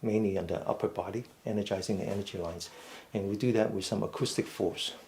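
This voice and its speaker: A man leading a mindful fitness class, giving slow, step-by-step stretching cues and often checking in with "okay?". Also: on the low side, steady tone, darkish tone, a little hiss or hum. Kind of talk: guided stretching instruction.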